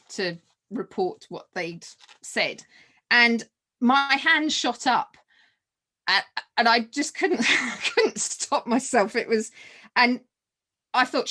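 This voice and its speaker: A woman, a podcast guest telling a personal story in an animated way, laughing often and restarting her sentences. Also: on the high side.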